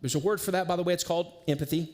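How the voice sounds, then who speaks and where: A man preaching a sermon as pastor, in a casual, conversational way with slang and lively storytelling. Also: high-pitched, very fast. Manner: animated storyteller.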